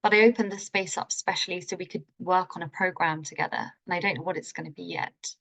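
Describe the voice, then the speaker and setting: A woman's voice: lowish voice, fairly even intonation, quick pace, gravelly, fairly bright tone. A woman leading a live online healing masterclass, enthusiastic and informal, with playful turns of phrase. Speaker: healing workshop teacher.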